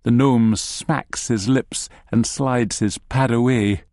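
Man reading a story out slow and wry, dry close sound. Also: medium pitch, fairly even intonation, a little mellow, dry recording. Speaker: narrator. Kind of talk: second-person story reading.

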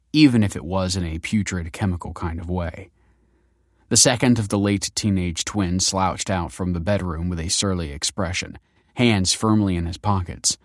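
Deep-voiced man reading a story. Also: no echo, studio quality. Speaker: narrator. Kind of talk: scripted narration.

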